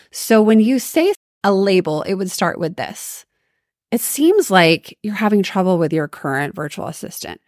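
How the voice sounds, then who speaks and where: Woman, podcast host, slightly low voice, emphatic coaching delivery, dry close mic. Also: darkish tone, dry recording. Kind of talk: solo podcast coaching talk.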